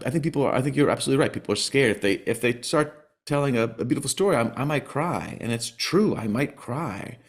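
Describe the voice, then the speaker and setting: A middle-aged man talking as a podcast guest, in a halting way with many restarts and small laughs between words. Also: mid-range voice. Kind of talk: conversational interview.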